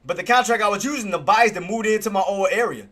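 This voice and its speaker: A man giving live trading commentary on his stream. He talks excitably, repeats himself often, and swears. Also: high-pitched, fast talker. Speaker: day-trading livestreamer.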